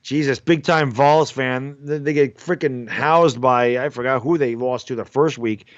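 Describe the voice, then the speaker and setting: A man co-hosting a live football stream, giving relaxed color commentary and thanking viewers in chat. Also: mid-range voice, normal speed, no echo, dull audio. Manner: laid-back banter with chat. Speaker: co-host streamer.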